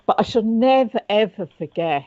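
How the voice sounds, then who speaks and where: A middle-aged woman, a psychic medium guest on a chat show, telling stories in a lively way and acting out what people said. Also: mid-range voice, normal speed. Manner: lively storyteller who acts out what people said. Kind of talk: casual chat, storytelling. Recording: dull, dry sound.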